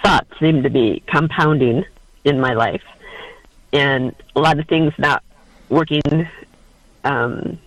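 A woman calling in to a radio advice show, hesitant and halting, with many pauses and ums. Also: low-pitched, no room sound, low-quality recording. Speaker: caller.

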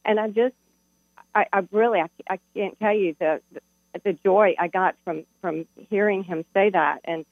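A woman's voice: mid-range voice, normal speed, no room sound. A middle-aged woman calling in to a radio show, telling a heartfelt personal story. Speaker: caller. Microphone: telephone. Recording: tinny phone line with hum.

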